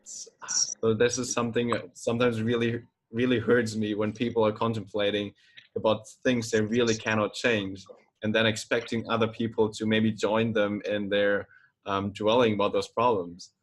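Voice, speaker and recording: Low-voiced thoughtful male podcast host. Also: level tone, moderate pace. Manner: thoughtful, hesitant, many fillers. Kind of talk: casual interview talk.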